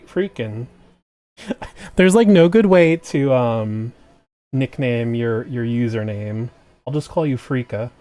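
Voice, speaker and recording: Male streamer, casual and joking, mid-pitched, close dry desk mic. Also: dark tone, dry recording. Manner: chatty and jokey, trails off and restarts. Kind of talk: casual chat with stream viewers. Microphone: desk microphone.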